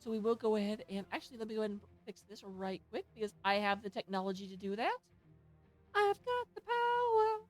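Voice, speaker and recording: A woman's voice: mid-range voice, flat delivery, racing, hardly any pauses, soft background music. A woman casting a live-streamed esports match from her home setup, playful, goofy and self-mocking as she talks into a headset. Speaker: esports tournament caster.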